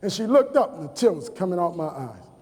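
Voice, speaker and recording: His voice is high with big pitch swings, fairly quick, darkish and slightly rough. He's a New Orleans man in his forties, a motivational speaker giving a speech to students and repeating points emphatically in stories; a large hall adds long reverb.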